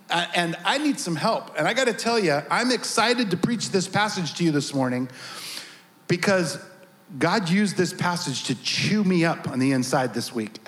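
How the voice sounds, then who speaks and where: Pastor, male, higher register, animated storyteller opening a sermon. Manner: animated storytelling, acts out voices.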